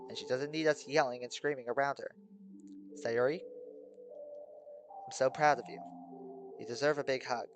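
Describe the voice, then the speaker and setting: A man voicing a calm teenage boy protagonist who speaks gently and steadily, reassuring a friend. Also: medium pitch, moderate pace, long pauses, music in the background, close to an everyday voice. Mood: firm, caring.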